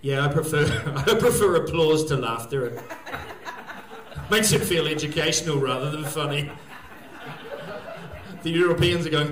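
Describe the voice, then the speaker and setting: Stand-up comic, male, New Zealand accent, higher pitched, rambling live set in an echoey room, mic a bit distant. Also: expressive, normal speed, pauses often. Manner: rambling, loose delivery with frequent fillers and bursts of shouting. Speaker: stand-up comedian. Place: live venue stage.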